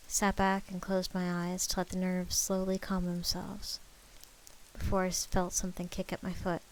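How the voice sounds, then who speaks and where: A woman's voice: fairly low pitch, completely flat delivery, moderate pace, poor audio. A woman reading a spooky story aloud on a live stream, narrating in the first person and sometimes stepping out of it to joke about her own character accents.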